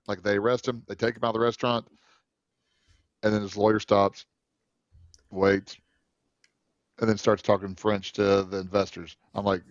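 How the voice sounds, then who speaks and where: A man's voice: lowish voice, steady tone, normal speed, no echo, lo-fi sound. A man co-hosting a movie podcast in casual chat, rambling with many fillers and restarts. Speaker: podcast co-host.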